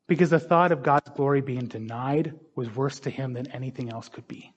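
A man's voice: fairly high pitch, fairly even intonation, fairly quick, hardly any pauses. A man preaching a sermon in an easy, conversational way, acting out the voices in the stories he tells. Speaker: pastor. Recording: dull lo-fi sound.

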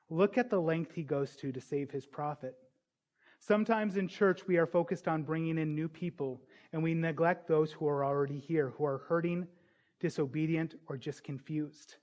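A man's voice: fairly high pitch, a little mellow. Earnest preaching man, dull lo-fi recording. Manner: earnest, rising to emphatic questions. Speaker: pastor. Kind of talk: sermon.

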